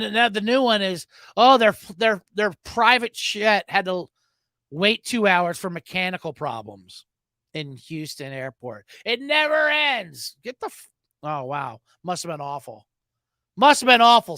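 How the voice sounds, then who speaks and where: Brief: male podcast host in his thirties, sarcastic ranter, bright lively delivery, dry close sound. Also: sits high, no echo. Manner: sarcastic, ranting, mocking voices, swears. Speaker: sports betting podcast host. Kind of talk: sarcastic sports betting rant.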